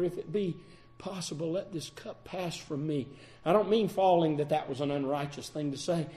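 A man preaching a sermon, swinging between loud declarations and hushed passages. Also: fairly high pitch.

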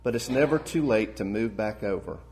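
A man preaching a sermon, earnest and warm in delivery, building to emphatic peaks and then dropping soft and low. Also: fairly quick.

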